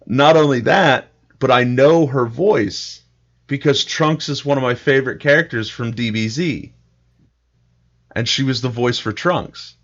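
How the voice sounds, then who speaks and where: A man's voice: medium pitch, measured pace, long pauses, dull audio. A man co-hosting a casual tabletop-gaming podcast chat, who laughs often and swears casually. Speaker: podcast co-host.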